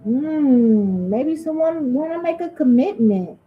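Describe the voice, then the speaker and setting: A woman's voice: high voice, animated, slow pace, phone-quality sound. A woman giving a casual tarot reading to her viewers, talking straight to them and musing aloud as she asks spirit questions. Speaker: tarot reader.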